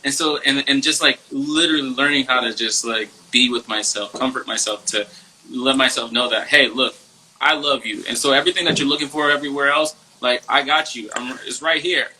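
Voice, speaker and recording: A young man talking about self-love in a casual, reflective way, soft-spoken and searching for words with many fillers. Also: mid-range voice, steady tone, fairly quick, slight background noise, low-quality recording. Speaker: podcast host and coach.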